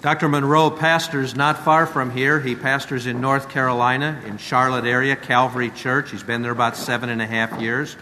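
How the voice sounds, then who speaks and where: A man's voice: mid-range voice, flat delivery, normal speed, hardly any pauses, sharp tone, a little hiss or hum. A man, the host pastor, giving a friendly, upbeat introduction of a guest preacher in a church service. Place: large church sanctuary. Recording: long church hall reverb with faint ambience.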